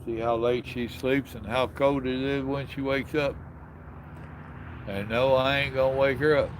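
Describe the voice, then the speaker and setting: A man's voice: mid-range voice, steady tone, unhurried, slight background noise. An older man hosting a casual live stream outdoors, chatting with viewers in a folksy, drawling way. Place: outdoors in the evening.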